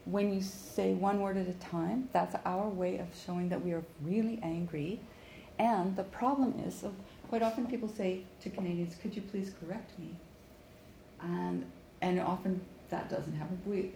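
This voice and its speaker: A woman teaching a conversation class, explaining in lively bursts and acting out listener reactions, in an echoey room. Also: mid-range voice, moderate pace, gravelly. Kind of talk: classroom coaching. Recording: echoey room with faint background noise.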